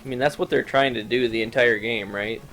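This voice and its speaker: A man's voice: medium pitch, normal speed, a bit bright, faint music behind, poor audio. A man co-hosting a casual let's-play, joking and trash-talking over a retro arcade game. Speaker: gaming show co-host.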